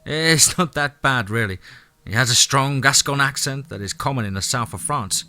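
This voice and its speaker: A man voicing a kindly middle-aged mother in an audiobook, speaking gently and at a measured pace. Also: medium pitch, voice pushed up. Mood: gentle.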